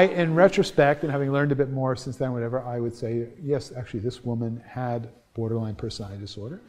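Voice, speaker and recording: A man's voice: medium pitch, warm tone. A middle-aged man giving a university lecture in a conversational, anecdotal way, often restarting his sentences.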